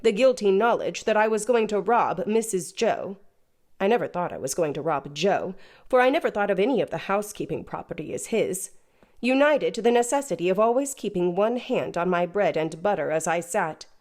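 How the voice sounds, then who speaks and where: A woman reads a classic novel as an audiobook narrator, in a measured storytelling style. Her mid-range voice is animated and a little mellow.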